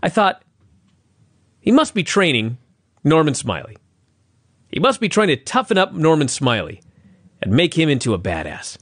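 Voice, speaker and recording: Male co-host, exasperated profane ranter, high voice that leaps all over, dry close sound. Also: sing-song, normal speed, long pauses, fairly bright tone, no echo. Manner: exasperated, profane, ranting with sudden high outbursts. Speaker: podcast co-host. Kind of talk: casual chat, ranting.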